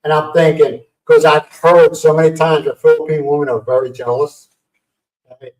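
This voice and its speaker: A man with a somewhat high voice hosts a laid-back livestream from home, speaking at a moderate pace as he tells stories and acts out every quote. He sits fairly far from the mic, so the room sounds echoey and roomy.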